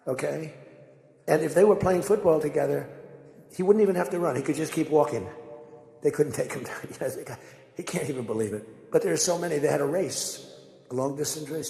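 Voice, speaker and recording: An older man giving a rambling, conversational speech to a crowd, telling animated stories as he goes. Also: on the high side, creaky. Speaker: political speaker. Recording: echoey hall with long reverb.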